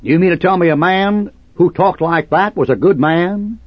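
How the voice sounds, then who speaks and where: A man's voice: sits high, moderate pace, no room sound, lo-fi sound. A man preaching a fiery, combative sermon, sarcastic and quoting scripture in old King James cadence.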